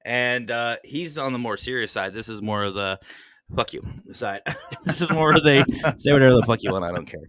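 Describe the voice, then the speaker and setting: A man hosting a podcast in casual chat, joking and swearing freely as he tells animated stories. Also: medium pitch, fairly quick, crowd noise. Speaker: podcast host.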